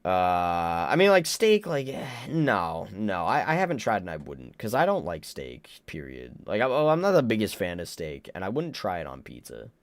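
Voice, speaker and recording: A young man with a lowish voice talks on a casual live stream, his pitch jumping around a lot as he rambles, stammers and gives blunt joking verdicts. The sound is smooth and close, with a dry, dead room and no echo. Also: wildly swooping pitch, moderate pace, hardly any pauses. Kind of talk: casual livestream chat.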